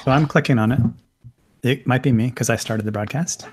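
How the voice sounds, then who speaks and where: A man hosting a casual technical chat on a video call, relaxed and thinking aloud with fillers. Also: medium pitch, a little fast, slight background noise.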